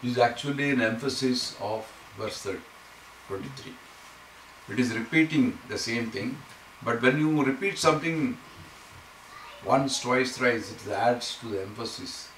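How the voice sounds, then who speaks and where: A man's voice: mid-range voice, fairly bright tone. Man teaching scripture. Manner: explains Sanskrit verses slowly, chanting lines for students to repeat. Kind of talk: scripture class. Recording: echoey room, mic far off, faint noise.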